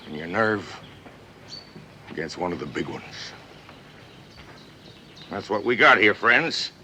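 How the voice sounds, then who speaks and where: A man's voice: deep voice, bright, forceful tone, slight background noise, exaggerated voice. An actor playing a brash, boastful TV showman in a 1950s film, talking in a bombastic, domineering way. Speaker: TV broadcaster on safari.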